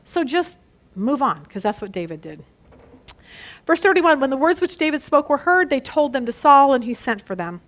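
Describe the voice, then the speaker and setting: Bible study leader, middle-aged woman, high bright voice, animated, laughs at herself. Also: normal speed. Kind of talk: lively Bible study teaching.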